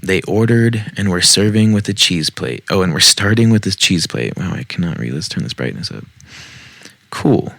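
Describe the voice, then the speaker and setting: A man's voice: low voice, expressive, normal speed, creaky, a bit bright, no room sound. A man hosting a podcast, casually reading online posts aloud with joking, self-mocking asides. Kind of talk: casual read-aloud storytelling. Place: home basement.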